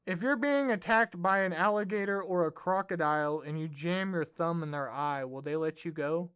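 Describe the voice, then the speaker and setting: Male comedy host, high and smooth voice, swears a lot, rambles through his stories. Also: normal speed, a bit bright. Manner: profane, rambling storyteller. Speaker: podcast host. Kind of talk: casual comedic commentary.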